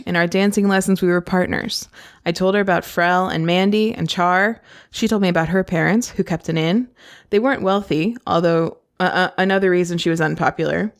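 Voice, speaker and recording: A woman podcast host reading a novel aloud and breaking off with gushing, excitable asides. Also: lowish voice.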